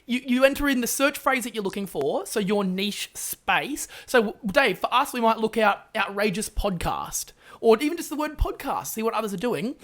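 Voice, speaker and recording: A man co-hosting a casual podcast, jumping in eagerly with tips and talking in an animated, enthusiastic way. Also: sits high, normal speed, few pauses. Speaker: podcast co-host.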